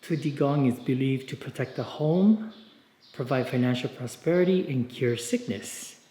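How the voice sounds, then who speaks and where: A travel vlogger and walking tour guide leads a casual, informative tour outdoors on city streets, explaining the sights in a relaxed way with frequent "uh" and "you know" fillers. His voice is mid-range at a moderate pace, with slight background noise.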